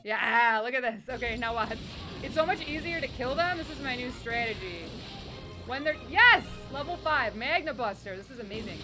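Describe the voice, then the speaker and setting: A woman giving bubbly, excited let's-play commentary, cheering and squealing at the game as she plays. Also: on the high side, moderate pace. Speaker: gaming streamer. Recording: game music playing behind. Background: game music.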